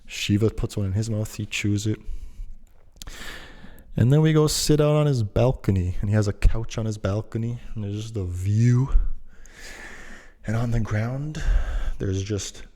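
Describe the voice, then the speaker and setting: A man's voice: on the low side, a little slow, long pauses, mellow. A young man telling a story in a casual, rambling, slangy, laid-back way.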